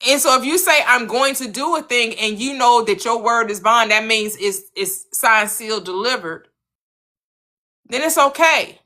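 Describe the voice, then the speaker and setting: An American woman hosting her own channel, giving an earnest motivational talk on manifesting, repeating her points and swinging her pitch up for emphasis. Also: normal speed, sharp tone.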